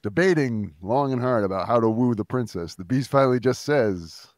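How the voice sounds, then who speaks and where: A man's voice: mid-range voice, animated, moderate pace, hardly any pauses, no room sound, clean studio sound. A man appearing as a guest on a casual podcast, often laughing as he talks. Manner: laughs often while talking.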